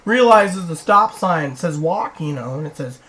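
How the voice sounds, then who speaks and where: A woman's voice: fairly low pitch, expressive, unhurried, fairly bright tone, rough recording. A woman vlogger rambling through personal stories, acting out what other people said. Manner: rambling, acts out quoted people. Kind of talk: rambling personal storytelling to camera.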